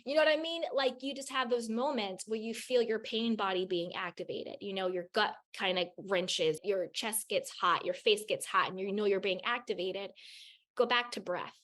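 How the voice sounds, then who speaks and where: As a guest on a podcast, a woman gives candid spiritual advice in a raw, blunt way, using a medium-pitched, fairly bright voice at a moderate pace. She swears freely and repeats phrases for emphasis.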